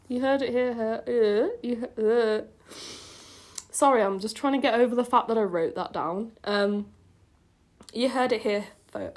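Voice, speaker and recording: A woman's voice: on the high side, measured pace. A young woman reading her old fan fiction aloud with sarcastic, swearing commentary and frequent laughter. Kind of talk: comic dramatic reading with commentary.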